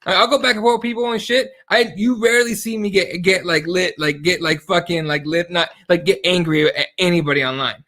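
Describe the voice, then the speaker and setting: High-pitched man, profane podcast chatter. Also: a little fast, few pauses. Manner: profane, animated storytelling with quoted exchanges. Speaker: podcast co-host. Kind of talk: casual podcast chat.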